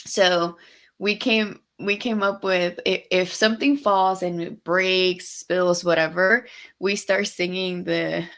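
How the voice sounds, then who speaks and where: A woman's voice: lowish voice, fairly even intonation, takes it slowly, a bit bright. A young adult woman co-hosting a podcast, telling stories candidly in casual chat, dropping Spanish phrases and swearing freely. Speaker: podcast co-host.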